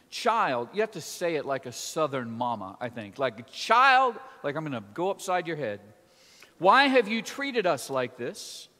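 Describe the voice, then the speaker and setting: A man's voice: fairly high pitch, fairly bright tone. Man preaching in a reverberant church. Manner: conversational, with folksy asides. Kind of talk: sermon.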